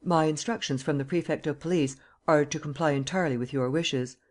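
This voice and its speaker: A man's voice: a little high, fairly quick, close to an everyday voice. A man reading the part of a deferential middle-aged prison governor, polite and dutiful.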